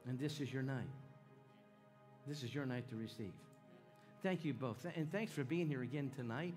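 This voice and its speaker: A man with a mid-range, somewhat dark voice preaches at a moderate pace during a church healing meeting. He's an evangelist, folksy and exhorting, calling out to the crowd in a call-and-response sermon. The setting is a church sanctuary with worship music playing in the background.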